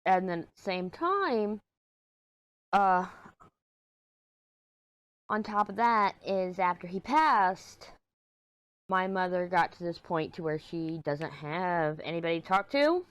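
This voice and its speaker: A woman's voice: fairly low pitch, expressive, takes it slowly, long pauses, clear, resonant tone. A woman vlogger chatting casually from a small room at home, rambling and sounding agitated as she vents. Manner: rambling and agitated, venting frustration. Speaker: crafting vlogger.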